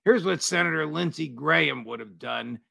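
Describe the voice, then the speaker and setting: A man hosting an interview, asking measured questions with hesitant fillers. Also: fairly high pitch, gravelly, sharp tone, husky, no echo. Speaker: host.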